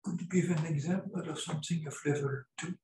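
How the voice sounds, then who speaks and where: A man's voice: a little high, steady tone, fast talker, darkish tone, slight background noise. A man in the audience asking the lecturer short, direct questions at a seminar. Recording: echoey room with audience around.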